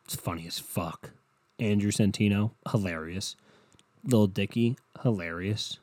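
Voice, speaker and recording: A man's voice: lowish voice, unhurried, a little mellow, no echo. A young man hosting a solo podcast, rambling in a profane, sarcastic, offhand way. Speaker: podcast host. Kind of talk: casual solo podcast rant.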